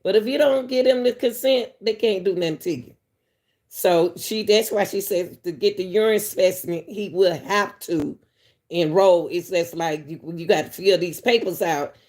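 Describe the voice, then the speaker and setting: Talking directly to viewers on her online commentary show, a woman keeps things chatty and casual, chuckling between her points. Her voice is on the low side and a little mellow, at normal speed.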